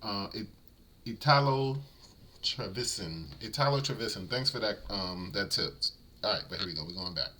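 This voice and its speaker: Bright-voiced man chatting to viewers. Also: lowish voice, moderate pace, a little hiss or hum. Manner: chatty, apologetic asides to viewers. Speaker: reaction video host. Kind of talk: casual commentary to viewers.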